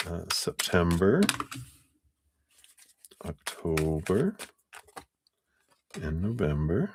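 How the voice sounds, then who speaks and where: Deep-voiced man giving a tarot reading. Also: sing-song, very slow, background noise. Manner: loose, rambling delivery with many fillers; upbeat, thanking viewers by name. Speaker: tarot reader. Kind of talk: live-stream tarot reading, casual chat.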